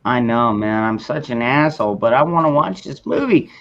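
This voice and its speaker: Laid-back cussing stream host, muffled. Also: male voice, mid-range voice, expressive, moderate pace, slight background noise. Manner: laid-back, profane, self-mocking. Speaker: livestream host. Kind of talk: casual livestream chat.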